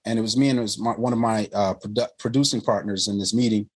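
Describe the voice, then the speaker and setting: A filmmaker appearing as a guest tells stories in casual conversation, speaking fast in a lowish, slightly rough voice. He's animated, acting out the people involved and quoting them in lively voices.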